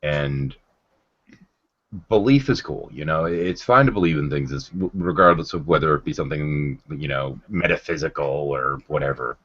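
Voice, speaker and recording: A man hosts a casual livestream chat in a very deep, slightly bright voice with a breathy edge, speaking at a moderate pace. He rambles sardonically, with plenty of ums and restarts, over dull lo-fi stream audio.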